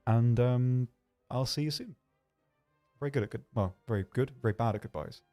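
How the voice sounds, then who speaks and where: A man hosting a livestream, answering viewer questions in a hesitant, rambling way with dry, deadpan humor. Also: medium pitch, normal speed, soft background music. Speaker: livestream host.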